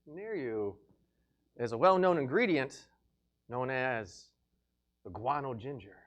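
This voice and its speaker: A man's voice: mid-range voice, lively intonation, slow, highs cut off. A man narrating as game master of a tabletop game, laughing often between lines. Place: remote video call.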